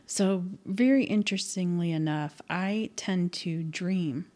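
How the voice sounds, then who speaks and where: A woman's voice: on the low side, darkish tone. Thoughtful woman telling stories hesitantly. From American Midwest. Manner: thoughtful, hesitant with many fillers. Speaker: podcast guest. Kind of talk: casual storytelling interview.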